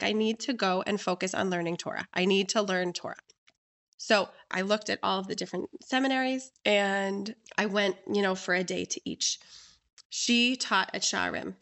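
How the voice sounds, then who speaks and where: A woman, a life coach, telling her personal story in a conversation, lively and full of "like" fillers. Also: mid-range voice. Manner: animated, lots of "like" fillers, acts out quoted voices. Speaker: life coach and interview guest.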